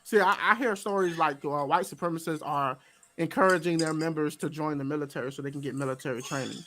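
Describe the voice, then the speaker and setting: A man's voice: fairly high pitch, fast talker, pushed and bright, a little hiss or hum. A man hosting a panel debate, talking in an earnest, impassioned way and often repeating words as he starts a thought. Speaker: show host.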